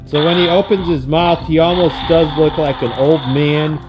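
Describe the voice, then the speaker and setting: A man's voice: on the high side, steady tone, moderate pace, lo-fi sound, over music. A man showing and unboxing toys in a vlog, playful and laughing at his own jokes. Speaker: toy reviewer.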